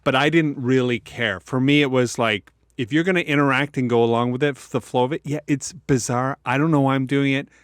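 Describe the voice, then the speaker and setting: A man's voice: mid-range voice, fairly quick, few pauses, clean tone, no room sound, clean studio sound. Canadian man with a stutter, telling stories. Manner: stutters and repeats sounds from Tourette's; animated, acts out voices in stories. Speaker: podcast co-host. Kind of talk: personal storytelling in casual chat.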